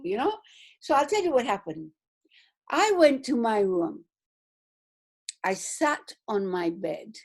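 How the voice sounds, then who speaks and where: A woman's voice: mid-range voice, darkish tone. A middle-aged woman telling a motivational business story on a remote call, acting out the voices of the people she quotes. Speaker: business speaker.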